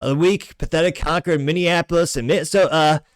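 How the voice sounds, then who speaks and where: A blustering older politician boasts and sneers in a loud, pitched-up bark, as a man puts him on. The voice sits back from the microphone. It rings dry, with no room around it. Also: fairly even intonation, fairly quick, clean tone, dry recording, lightly acted, rough recording.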